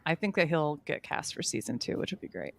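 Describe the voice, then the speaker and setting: A woman co-hosting a casual reality TV podcast, making quick asides. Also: low voice, very animated, creaky. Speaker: podcast co-host. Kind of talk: casual chat.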